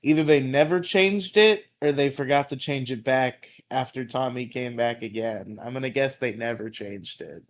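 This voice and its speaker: A man's voice: medium pitch, normal speed. A man co-hosting a podcast, recapping a TV episode in casual, rambling talk with lots of fillers and laughs. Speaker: podcast co-host.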